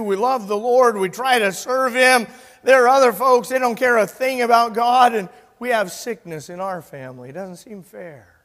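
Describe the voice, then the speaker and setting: A man in his sixties, a pastor preaching an emphatic sermon that swings from loud to soft. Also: sits high. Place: church sanctuary. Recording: long church reverb.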